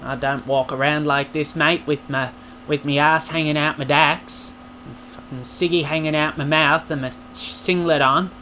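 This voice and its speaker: A man's voice: a little high, steady tone, moderate pace, bright, forceful tone, slight background noise. A man putting on a crude, slangy stereotype of an Australian bloke with a broad Australian accent. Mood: mocking. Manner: coarse, slangy, laid-back.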